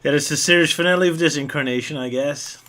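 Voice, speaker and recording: A man's voice: a little high, fast talker, fairly bright tone. A man co-hosting a casual podcast, joking and trailing off at the ends of phrases. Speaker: podcast co-host.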